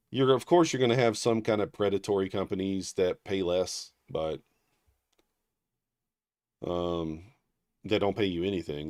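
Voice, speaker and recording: A man hosts a trading livestream in a casual, rambling way, with lots of fillers and restarts, reading out viewer names and thanking them. His voice is on the low side with a darkish tone. It's studio-quality audio without any room sound.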